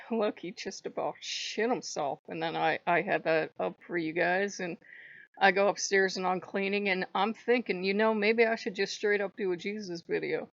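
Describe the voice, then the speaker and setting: A woman's voice: mid-range voice, steady tone, normal speed, vocal fry, no echo, lo-fi sound. A woman hosting her own channel, telling a story in a blunt, profane, casual way with laughing asides. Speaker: channel host.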